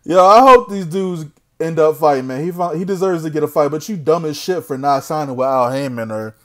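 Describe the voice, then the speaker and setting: A man ranting casually to the camera as a boxing commentator. He is blunt and trash-talking and laughs often. His voice sits a bit high for a man. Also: fairly quick.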